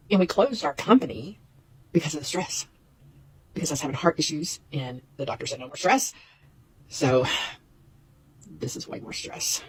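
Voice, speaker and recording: A woman's voice: low-pitched, slight background noise, rough recording. A woman in her fifties talks candidly and at a ramble in a casual vlog about being out of work, with nervous laughs. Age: 50s. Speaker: jobless parent.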